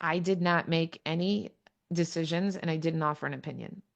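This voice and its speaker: A woman leading an online real estate training on a video call, frank and plain-spoken, with quick blunt asides. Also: low voice, gravelly, muffled recording. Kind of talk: online training session talk. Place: home or office on a video call.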